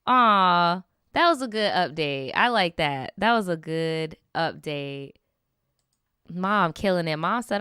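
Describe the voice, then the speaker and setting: A young woman talks straight into a close, dry mic. Her voice is bright and smooth. She reads viewer stories and reacts with animated, slangy, sarcastic asides. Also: on the low side, slow pace, no room sound. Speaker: streamer reading viewer stories. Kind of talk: casual storytime commentary.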